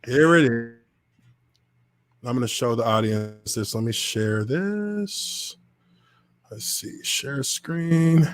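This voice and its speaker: A man's voice: medium pitch, takes it slowly, pauses often. A man hosting a podcast, casually telling a long story at his computer and animating the people in it. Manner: animated, acts out others' voices in quotes. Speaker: podcast host, former football lineman. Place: home studio at a computer.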